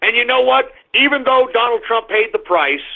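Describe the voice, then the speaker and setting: A male talk radio host with a high voice, crude and loud as he rants at his listeners. The sound is thin and tinny, like it is coming over a phone. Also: animated, normal speed, gravelly. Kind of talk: ranting political talk radio.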